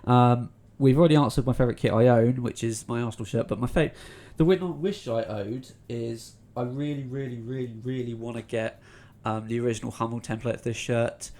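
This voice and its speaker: A man's voice: medium pitch, fairly even intonation, brisk, dark tone. A young man from England with a North London accent, hosting a casual Q&A vlog in a chatty, rambling way, full of ums and restarts. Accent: North London English. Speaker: YouTube channel host.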